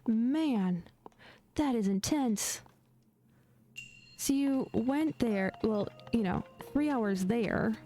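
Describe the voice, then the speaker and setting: A woman's voice: on the high side, lively intonation, extremely slow, pauses often, dark tone, faint music behind. A woman streamer chatting casually while playing a game, laughing often and trailing off into fillers and restarts. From United States. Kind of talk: casual chat while gaming.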